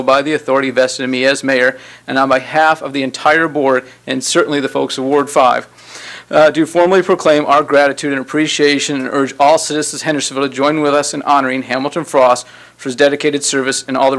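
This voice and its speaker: A man's voice: medium pitch, steady tone, fast, a bit bright. A man, serving as mayor and reading a formal proclamation at a city board meeting, with folksy asides between the formal lines. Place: city council chamber.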